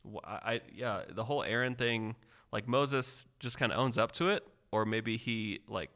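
A man's voice: lowish voice, fairly quick, bright, forceful tone. A man co-hosting a casual Bible discussion, explaining word meanings with thoughtful hesitations. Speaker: podcast co-host.

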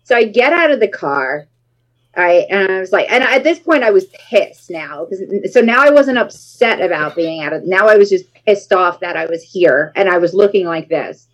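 A woman in her forties, a guest in a casual interview, telling a story with dramatic, animated retellings and acted-out quotes. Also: medium pitch, normal speed, rough recording.

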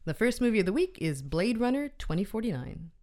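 A woman's voice: medium pitch, big pitch swings, fairly quick, mellow. A woman co-hosting a podcast, backing up her partner's story with murmurs and dry quips, then introducing the first film. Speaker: podcast co-host. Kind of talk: casual chat.

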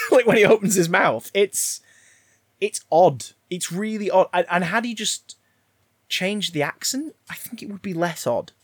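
A man's voice: high-pitched, expressive, measured pace, slightly rough, no room sound, studio quality. A man casually discussing a film, rambling and swearing with frequent restarts.

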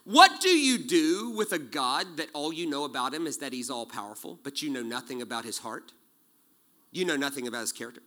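A man in his forties preaching a sermon, animated and joking, acting out quotes as he tells stories. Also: on the high side, a little fast. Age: 40s. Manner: animated storytelling with jokes and acted-out quotes. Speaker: pastor.

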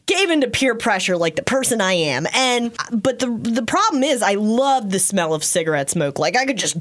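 A woman in her thirties chatting on a podcast with friends. She talks at length in a loose, animated way and breaks into laughter as she tells stories. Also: a little high, moderate pace. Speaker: podcast co-host. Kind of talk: casual chat.

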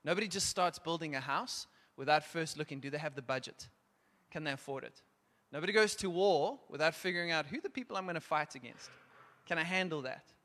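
A man preaching and calling people forward, urgent and emphatic at times, then hushed and gentle. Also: fairly high pitch, a little fast. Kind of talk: sermon with altar call. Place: church hall. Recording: long reverb of a large hall.

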